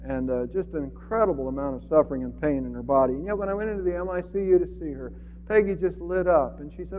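A man preaching an earnest sermon as pastor, swinging from loud emphasis to quiet. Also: high-pitched, quick pace, slight background noise. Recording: phone-like radio broadcast with long reverb.

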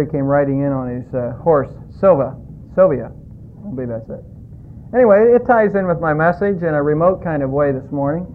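A male pastor preaching a sermon in a folksy, hesitant way with frequent fillers. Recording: tinny phone-like line, faint rumble.

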